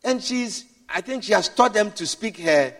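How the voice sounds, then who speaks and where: A man preaching a sermon, swinging from hushed storytelling to shouted exclamations, repeating words and adding hallelujah and amen. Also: high voice, lively intonation, moderate pace. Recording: long hall reverb.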